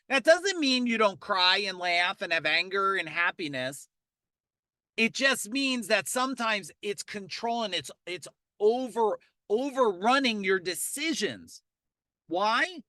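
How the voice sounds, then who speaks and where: A man leading a live online coaching session from a parking lot, talking fast and energetically, repeating key points and asking listeners to type replies. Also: high-pitched, pushed and bright, no echo. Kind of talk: live motivational webinar coaching.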